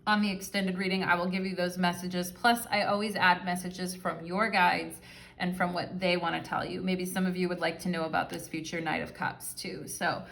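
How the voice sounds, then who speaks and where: A woman's voice: lowish voice, little pitch movement, normal speed, gravelly, fairly bright tone. Chatty woman giving a tarot reading. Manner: chatty, affectionate, rambling with many fillers. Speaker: tarot reader. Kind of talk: casual pick-a-card tarot reading.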